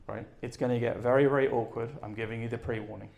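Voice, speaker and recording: A man speaking at a live event, telling a story and asking his audience questions in an energetic way, then taking questions. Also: medium pitch, quick pace, gravelly. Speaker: conference speaker. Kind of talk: live talk and Q and A.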